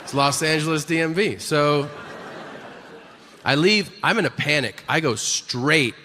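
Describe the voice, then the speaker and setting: A man's voice: a little high, measured pace, some chatter behind. A male stand-up comedian telling a story on stage, acting out quotes and laughing through his punchlines. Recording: live stage recording with loud ambient noise.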